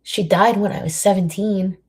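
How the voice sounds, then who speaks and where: A woman, giving a reflective motivational talk in a soft, intimate voice that often drops near a whisper. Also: medium pitch, steady tone, normal speed, slightly rough. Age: 50s. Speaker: host giving a monthly inspirational message.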